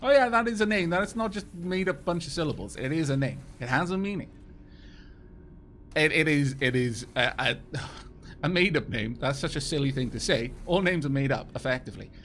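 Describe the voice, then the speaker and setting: A Welsh man chatting quickly and casually with his viewers while he plays a game, poking fun at himself as he goes. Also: a little high, expressive, a bit bright. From Wales. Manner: fast-talking, chatty, self-mocking. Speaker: game streamer. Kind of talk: casual live-stream chat over gameplay.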